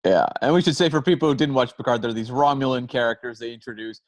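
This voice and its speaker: A man's voice: medium pitch, quick pace, dry recording. Agreeable man explaining on a podcast. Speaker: podcast guest. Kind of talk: casual chat.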